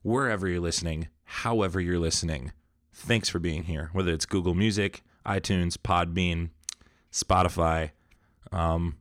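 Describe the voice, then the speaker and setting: A man's voice: low voice, steady tone, normal speed, a bit bright, dry recording, studio quality. A man hosting a casual pop culture podcast, talking in an upbeat, chatty, welcoming way. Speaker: podcast host. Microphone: studio microphone.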